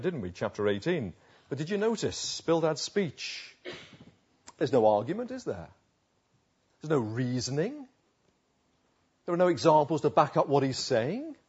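A man preaching a sermon through a Bible passage, wry and conversational, often dropping into quiet asides. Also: fairly high pitch, big pitch swings, normal speed, long pauses, breathy edge, highs cut off. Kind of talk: expository sermon.

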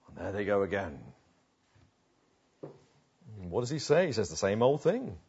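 A man preaching a sermon through a Bible passage, wry and conversational, often dropping into quiet asides. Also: medium pitch, expressive, normal speed, long pauses, slightly rough, dull audio. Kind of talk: expository sermon.

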